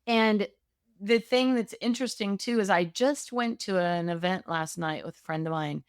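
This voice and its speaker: A woman's voice: mid-range voice, moderate pace, clear, resonant tone, no echo, clean studio sound. A middle-aged woman, a real estate agent, telling her own story candidly in an interview, often tagging "right?". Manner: emotional, candid, many "right?" tags.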